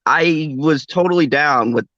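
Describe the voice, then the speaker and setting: A man's voice: on the high side, a little slow, a bit bright, dry recording, lo-fi sound. A man hosting a casual late-night chat, rambling and laughing often. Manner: laughs often, rambling, does a mock Australian accent. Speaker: podcast host.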